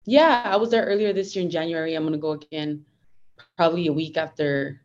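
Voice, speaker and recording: Low-voiced young woman, earnest and upbeat. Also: brisk, a little mellow, dull audio. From United States. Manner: earnest, upbeat, code-switches Spanglish. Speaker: guest fighter. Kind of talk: casual interview chat.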